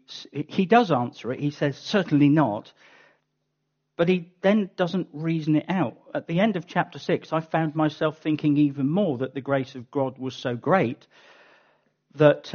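A man delivering a sermon, reading a passage and then unpacking it in an earnest, teaching tone. His voice sits somewhat high and rises into emphatic bursts. The recording is dull and lo-fi. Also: normal speed, a little mellow. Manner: earnest Bible teaching, explanatory with emphatic outbursts. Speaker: preacher.

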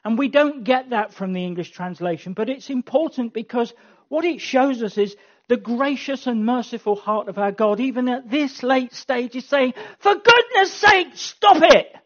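Preacher, sermon and prayer, conversational, wry, builds to passion, middling pitch, muffled lo-fi recording. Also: moderate pace. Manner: conversational, wry asides, rising to emphatic passion.

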